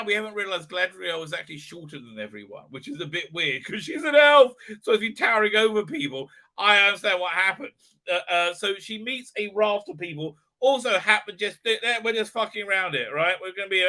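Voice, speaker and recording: High, bright-voiced ranting man. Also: rough recording. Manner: crude, profane, rambling with many filler sounds. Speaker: channel host. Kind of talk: livestream commentary rant.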